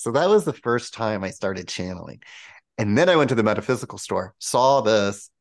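Guy with a gravelly voice chatting about his path as a spiritual coach, animated, acts out the quotes. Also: lowish voice, moderate pace. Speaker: guest, spiritual coach and channel. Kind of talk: casual storytelling interview.

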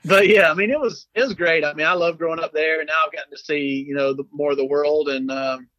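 Southern guy from south carolina, bright voice, lots of ums and restarts, dull lo-fi sound. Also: on the high side, fast, no room sound. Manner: relaxed, rambling, many fillers and restarts. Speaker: podcast guest, musician. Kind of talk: casual chat.

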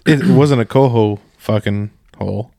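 A man's voice: lowish voice, a little slow, creaky, warm tone, no echo. Laid-back swearing man, dry mic. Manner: laid-back, profane, laughs often. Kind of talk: casual chat about fishing.

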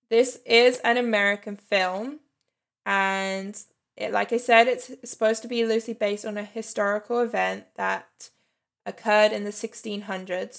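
A woman in her thirties talks through a film she watched in a casual, open review. Her voice has a noticeable vocal fry, and she breaks into light laughs between points. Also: mid-range voice, a bit bright. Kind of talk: casual spoken movie review.

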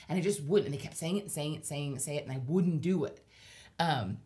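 A woman tells a story in a relaxed, rambling way, with a slightly low voice. She pokes fun at herself and breaks into small laughs as she goes. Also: fairly quick. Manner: rambling, self-deprecating, laughs while telling. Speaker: podcast guest storyteller. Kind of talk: casual chat storytelling.

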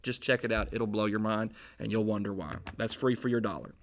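A man preaching a casual, jokey storytelling sermon in a conversational, animated way. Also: fairly low pitch, fairly quick, slight background noise. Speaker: pastor.

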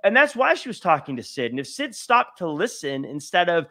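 Man with a high voice, co-hosting a podcast, animated and argumentative. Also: fairly quick. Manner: animated, argumentative, acts out quotes. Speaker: podcast co-host. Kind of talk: casual wrestling chat.

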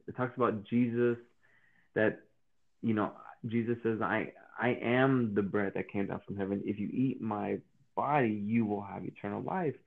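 A man telling a personal faith story in a casual interview, animated and full of restarts. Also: on the low side. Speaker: guest. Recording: tinny phone-like line.

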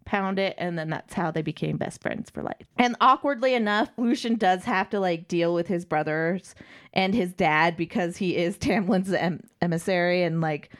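A woman's voice: lowish voice, moderate pace. A woman co-hosting a podcast, recapping a novel in casual, irreverent chat and swearing freely. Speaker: podcast co-host.

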